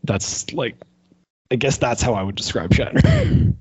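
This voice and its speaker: A man's voice: mid-range voice, wildly swooping pitch, measured pace, darkish tone, breathy edge, no echo, muffled recording. A man co-hosting a podcast, chatting casually about movies, joking and laughing as he rambles. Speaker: podcast co-host.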